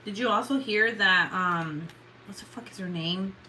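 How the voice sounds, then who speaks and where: A woman's voice: mid-range voice, normal speed, sharp tone, slight background noise, rough recording. A tired young woman chatting casually in a late-night livestream, rambling and swearing with lots of fillers. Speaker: vlogger.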